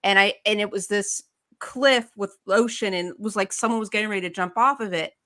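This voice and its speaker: A woman's voice: medium pitch, steady tone, a little fast, bright, forceful tone. A woman hosting a live video podcast. She talks in an upbeat, chatty way as she introduces and questions her guest. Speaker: podcast host.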